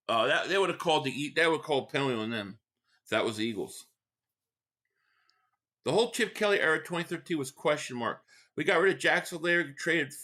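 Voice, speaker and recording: Blunt, bright-voiced sports streamer man. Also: a little high. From Philadelphia area. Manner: rambling, blunt fan opinions, reads chat aloud. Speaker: live streamer. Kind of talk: casual live game-watch reaction.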